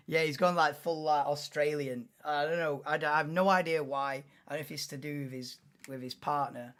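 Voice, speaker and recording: A man's voice: fairly high pitch, steady tone, normal speed, fairly bright tone. A man hosting a live race watchalong, talking casually and rambling with many fillers and restarts. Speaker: livestream host.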